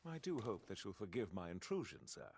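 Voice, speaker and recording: An actor playing a suave, dutiful butler in an anime, who speaks in a smooth, polished and courteous way. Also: male voice, on the low side, very animated, fairly quick, full character voice. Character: suave, dutiful male butler, polite and knowing. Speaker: anime character. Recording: anime clip with loud music underneath. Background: loud background music.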